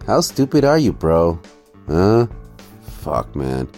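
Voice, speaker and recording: A man's voice: sits low, big pitch swings, slow pace, dark tone, faint music behind. A man hosting a reaction video, giving sarcastic, scornful commentary on a clip and laughing at his own jokes. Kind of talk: mocking commentary over a clip.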